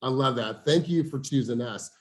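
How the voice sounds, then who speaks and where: A man's voice: medium pitch, moderate pace. Hyped man leading a team call. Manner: energetic, hyped, repeats "you guys". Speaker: team leader hosting a coaching call. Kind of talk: motivational group coaching. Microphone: video call.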